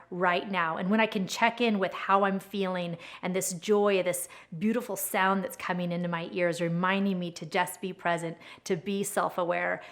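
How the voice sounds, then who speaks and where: A woman giving an earnest, encouraging self-help talk about her own growth, in a reflective way. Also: lowish voice.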